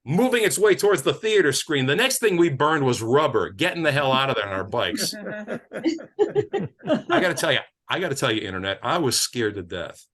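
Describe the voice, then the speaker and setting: A man from Detroit tells a stand-up story with a lively, bouncing delivery and a bright, forward tone. He rambles and restarts as he goes, chuckling along with his own punchlines. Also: mid-range voice, brisk. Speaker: stand-up comedian. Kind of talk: virtual stand-up set.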